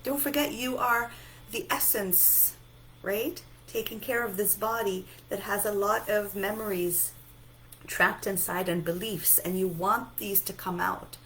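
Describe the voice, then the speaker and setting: A sleepy woman giving a gentle self-help talk, softly repeating reassuring affirmations. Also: medium pitch, unhurried, a little hiss or hum, poor audio. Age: adult, a mother. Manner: soft, repetitive, reassuring affirmations. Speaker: self-help and EFT speaker.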